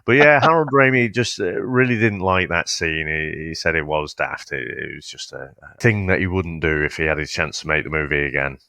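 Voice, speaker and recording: A man's voice: rumbling low, brisk, vocal fry, few pauses, pushed and bright, dry recording, clean studio sound. A man co-hosting a podcast, laughing often and sharing trivia with stammered starts. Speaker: podcast co-host. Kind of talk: casual film chat.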